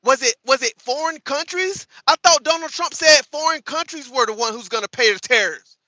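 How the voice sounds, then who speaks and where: A man's voice: very high-pitched, fairly quick, pushed and bright, dry recording, rough recording. A man hosting a livestream, reacting to clips and taunting his chat in a profane, combative way with lots of repetition. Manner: repeats lines for emphasis. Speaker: livestream host. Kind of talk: live reaction commentary to chat.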